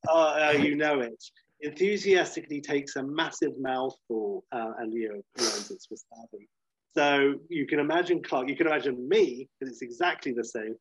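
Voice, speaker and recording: A man with a husky, mid-pitched voice spins an animated comic pitch, full of ums and uhs. The recording is dry and a little dull. He talks casually, as if chatting with friends. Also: moderate pace, no room sound. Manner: animated storytelling, many fillers, laughs, acts out scenes. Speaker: podcast co-host pitching a film idea. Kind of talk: casual comedic chat. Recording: dry, slightly dull lo-fi sound.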